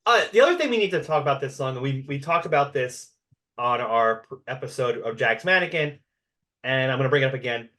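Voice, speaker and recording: A man co-hosting a podcast, telling stories in a rambling, animated way with lots of fillers. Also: medium pitch, brisk. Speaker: podcast co-host. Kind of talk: casual chat.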